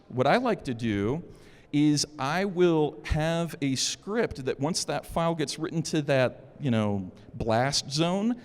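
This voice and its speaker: A man speaks at a conference in a casual, joking way. His pitch swings widely as he talks. The sound has a long reverb, as if recorded in a big hall. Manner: animated, informal, joking. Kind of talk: security conference talk.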